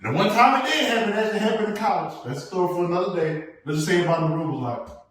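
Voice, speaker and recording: A man co-hosting a podcast, chatting casually and telling stories, jumping between loud bursts and low asides. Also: very fast. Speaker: podcast co-host. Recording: echoey room, mic at a distance.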